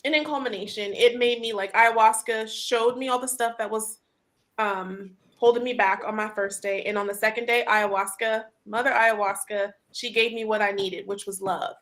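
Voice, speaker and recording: A woman hosting a casual group chat, telling a story in an animated way, full of fillers and laughter. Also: fairly high pitch, moderate pace. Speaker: host.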